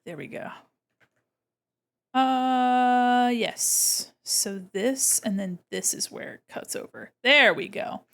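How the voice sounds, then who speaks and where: A woman's voice: on the high side, takes it slowly, gravelly, fairly bright tone, smooth. A woman streamer chatting casually while she draws. She is bubbly, greets her chat and exclaims often.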